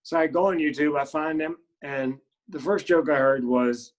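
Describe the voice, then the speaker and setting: A man being interviewed as a guest comedian, telling stories and acting out the quotes in higher voices. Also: moderate pace, few pauses. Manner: animated storyteller who acts out quotes in higher voices. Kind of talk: casual interview storytelling.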